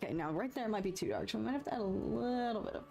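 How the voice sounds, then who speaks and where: A young woman talks through her painting on a live stream, chatty and expressive at a middling pitch. Her mood swings from exasperated muttering to giddy relief as she works. Soft music plays faintly behind her. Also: very fast, gravelly. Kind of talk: casual live-stream chat while painting.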